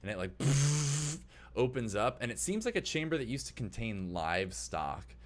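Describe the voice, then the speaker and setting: A man's voice: on the low side, big pitch swings, fairly quick. A man narrating as game master of a tabletop game, describing scenes loosely with many fillers.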